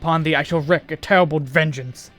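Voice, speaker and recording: A man's voice: fairly high pitch, steady tone, a little fast, fairly bright tone, faint music behind, voice pushed down, close to an everyday voice. A man doing a wrathful ancient earth god. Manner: solemn archaic declaiming.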